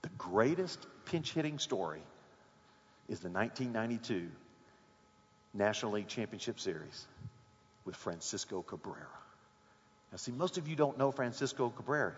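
A man preaching a sermon, telling a sports story with rising excitement and shouts. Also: medium pitch, normal speed, pauses often, long reverb tail, dull audio.

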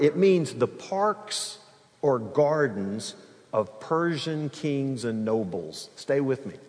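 A man preaching a sermon in an animated way, acting out the quoted lines and bantering with the congregation. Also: medium pitch, long reverb tail. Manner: animated preaching, acts out quoted speech, laughs with the crowd. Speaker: pastor.

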